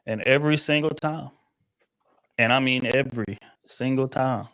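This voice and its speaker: A laid-back man hosts a casual panel discussion in a slangy, emphatic style. His voice sits at an ordinary middle pitch. He calls on guests with easy, familiar nicknames. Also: moderate pace, fairly bright tone. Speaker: host.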